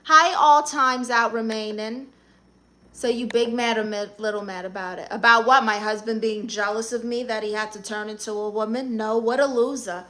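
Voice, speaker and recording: Woman, Brooklyn accent, sassy and brash, bright forceful voice, fairly high pitch, live-stream chatter. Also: fairly even intonation, moderate pace. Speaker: livestreamer. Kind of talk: casual live-stream chat reading comments.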